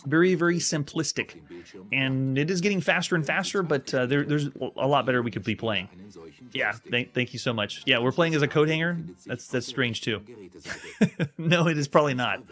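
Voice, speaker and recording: A man's voice: medium pitch, moderate pace, fairly bright tone. A man hosting a retro video game show, chatting casually while he plays and rates each game, often restarting his words as he goes. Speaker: host reviewing retro games. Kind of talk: casual gameplay commentary.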